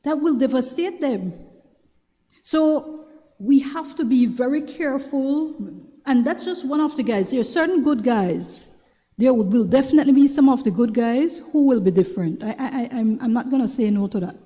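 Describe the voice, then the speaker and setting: Belizean woman talk show host, casual advice monologue, chatty and repetitive; warm higher voice, reverberant room. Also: expressive, normal speed. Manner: chatty, repeats herself, asks "you understand?". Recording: long reverberant room sound.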